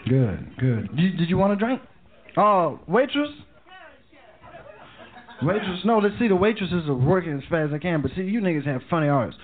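Profane high-voiced stand-up comedian. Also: male voice, moderate pace, long pauses. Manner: loose, profane, animated storytelling with acted-out voices. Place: comedy club stage. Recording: echoey club over a tinny phone line with loud crowd. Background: audience laughter and room noise.

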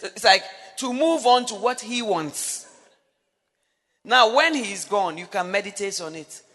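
A woman's voice: mid-range voice, unhurried, long reverb tail. A woman, preaching a sermon that mixes personal stories with emphatic declarations. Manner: animated storytelling, rising to emphatic declarations.

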